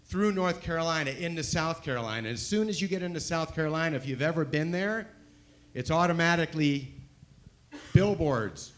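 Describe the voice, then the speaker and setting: Animated male stand-up storyteller. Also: fairly high pitch, moderate pace. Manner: animated, swinging from loud to hushed. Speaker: stand-up comedian.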